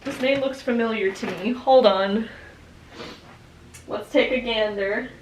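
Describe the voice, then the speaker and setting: A woman running a small business, chatting casually in a vlog, gushing and excitable with lots of fillers, teary and emotional. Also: on the high side, measured pace, slight background noise, low-quality recording. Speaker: small business owner vlogging.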